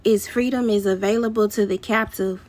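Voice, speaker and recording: A woman's voice: mid-range voice, steady tone, moderate pace, a little mellow. A woman delivering a prophetic word, preaching in fervent repeated declarations and mixing casual slang with scripture reading. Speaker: prophetic minister.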